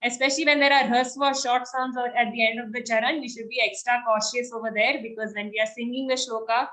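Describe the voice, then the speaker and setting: A woman teaching verse recitation online, chanting lines slowly and then correcting pronunciation briskly. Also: on the high side, fairly even intonation, pushed and bright.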